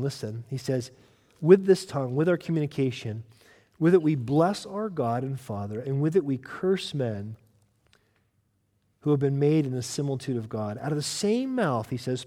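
A male pastor preaching a sermon with emphatic delivery, swinging from loud urgent lines to hushed ones. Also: mid-range voice, animated, normal speed, big-room sound.

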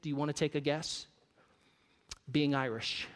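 A man's voice: on the high side, steady tone, measured pace. A man preaching a sermon, conversational and joking with the congregation. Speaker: pastor. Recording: long reverb of a church hall.

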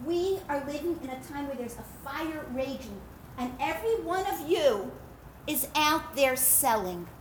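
Woman lecturer, high-pitched, lively storytelling style with emphatic repeats, faint background noise. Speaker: speaker addressing women. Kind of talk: religious storytelling talk.

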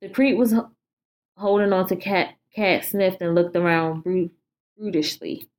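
A woman with a somewhat low voice reads a horror story aloud in a casual, informal way. She stumbles over words now and then and swears freely. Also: a little slow.

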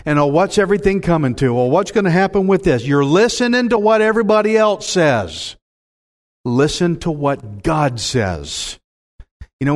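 A preacher delivers a sermon in a somewhat raised pitch. He swings dramatically in delivery and calls out to his congregation. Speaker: pastor.

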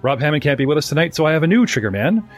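Chatty upbeat game master. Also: male voice, a little high, very animated, racing, soft background music. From North America. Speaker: game master and podcast host. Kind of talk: live-streamed tabletop game intro.

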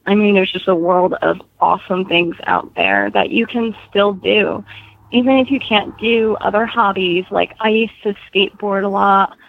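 Breathless woman in her 20s chatting on a podcast, lots of vocal fry, kinda muffled audio. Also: medium pitch, lively intonation, moderate pace, a little hiss or hum. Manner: chatty, laughs often, restarts. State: short of breath. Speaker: guest author. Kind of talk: casual podcast interview. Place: home in Florida. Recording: dull lo-fi audio.

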